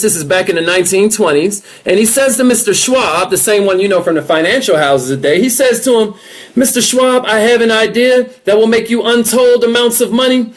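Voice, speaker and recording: A man giving an energetic motivational talk, coaching his listeners directly and with emphasis. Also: high voice. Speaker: motivational speaker.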